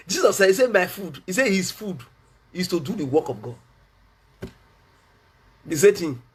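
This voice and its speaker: A man's voice: high-pitched, expressive, measured pace, husky. A Nigerian man preaching as a pastor, fervent, repeating his phrases and laughing between lines. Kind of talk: preaching a sermon.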